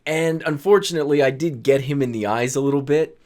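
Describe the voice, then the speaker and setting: A young man casually telling funny stories from his high school days, acting out what his friends said and laughing as he goes. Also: brisk. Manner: animated, laughs while telling, acts out friends' lines. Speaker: storyteller vlogger. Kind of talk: casual storytelling.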